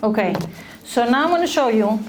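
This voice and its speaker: A middle-aged woman giving a lively talk to college students, often putting questions to the audience. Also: fairly high pitch, a little fast. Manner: animated, asks the audience questions. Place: lecture room.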